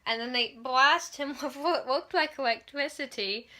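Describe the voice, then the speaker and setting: Bright-voiced sarcastic young woman ranting. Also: sits high, unhurried. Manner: sarcastic, exasperated, swears freely. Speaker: movie reviewer. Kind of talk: casual movie review rant.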